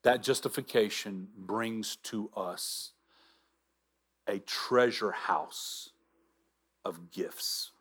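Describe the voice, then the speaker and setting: A man preaching a sermon as pastor, earnest, with halting restarts and drops to a near whisper for emphasis. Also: on the low side, fairly bright tone, breathy edge.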